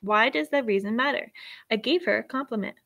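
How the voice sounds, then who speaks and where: A woman's voice: a little high, brisk, gravelly, fairly bright tone. A woman voicing a literal-minded young boy who loves animals and speaks bluntly, reading a storybook aloud. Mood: insistent. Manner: blunt, matter-of-fact.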